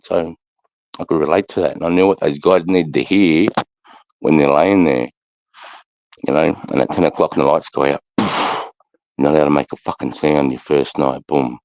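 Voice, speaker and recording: A middle-aged Australian man with a low, deep voice talks bluntly and earnestly, swearing freely. The sound is dry and muffled, with a lo-fi edge. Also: fairly even intonation, fairly quick, darkish tone, dry recording. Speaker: host, army veteran. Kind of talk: casual chat. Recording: dull lo-fi sound.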